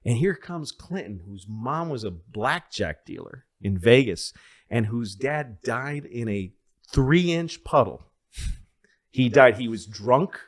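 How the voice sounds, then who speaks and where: Podcast guy telling wild stories, cussing, doing voices for everyone, normal mid pitch. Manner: animated storyteller, acts out voices, swears freely. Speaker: podcast co-host. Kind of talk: casual storytelling chat.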